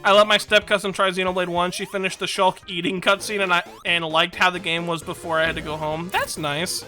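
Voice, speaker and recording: A woman's voice: fairly low pitch, level tone, fast talker, bright, forceful tone. A woman streaming a video game, chatting casually and rambling, self-deprecating and laughing often. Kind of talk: casual gaming stream chat. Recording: game music behind.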